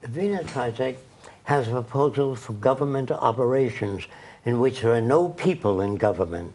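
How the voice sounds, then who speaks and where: A man's voice: mid-range voice, animated, moderate pace, a little mellow, slight background noise. Older man lecturing insistently. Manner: insistent, lecturing, tells anecdotes. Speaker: interview guest. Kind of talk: radio interview.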